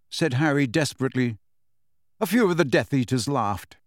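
A man narrating an audiobook in an expressive, dramatic storytelling style. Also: medium pitch, moderate pace, no echo, studio quality. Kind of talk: scripted narration.

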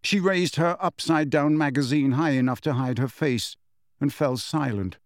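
A man reading a novel aloud as narrator, in a steady, measured storytelling manner. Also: fairly high pitch, dry recording, studio quality. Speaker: audiobook narrator. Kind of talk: scripted narration.

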